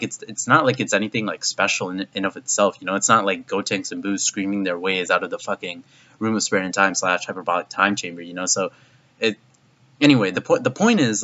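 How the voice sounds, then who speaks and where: Fairly low in pitch with a sharp tone, this guy rambles profanely through an anime episode review, leaning hard on "like" and other fillers. Disbelief sends his voice jumping upward, all captured on a dull lo-fi recording.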